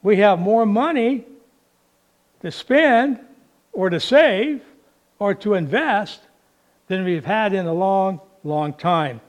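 Slow-talking high-voiced male pastor. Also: animated. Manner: unhurried, folksy, with fillers. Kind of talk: sermon with storytelling.

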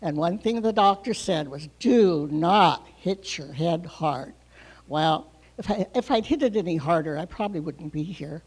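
An older woman telling a personal story in a lively way, laughing often and letting her pitch and volume rise and fall widely. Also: unhurried, breathy edge, poor audio. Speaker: speaker sharing a testimony.

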